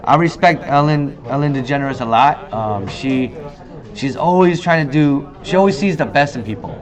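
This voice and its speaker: A man in his thirties hosting a casual talk show monologue, telling stories with lively acted-out quotes. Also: moderate pace, a crowd in the background. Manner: animated storyteller, acts out quoted lines in a higher voice. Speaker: host. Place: in Korea.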